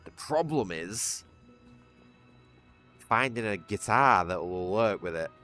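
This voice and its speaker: A British man chatting casually to his livestream audience while playing. His voice is very low, and he rambles with restarts and chuckles. Faint music plays behind him. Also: fairly bright tone. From Britain. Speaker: streamer. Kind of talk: casual gaming livestream chat.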